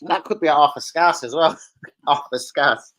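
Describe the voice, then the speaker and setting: A man's voice: on the high side, a little slow, fairly bright tone, rough recording. A man hosting a casual fan live stream, crude and rowdy, joking with his chat. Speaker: fan channel host. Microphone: streaming setup.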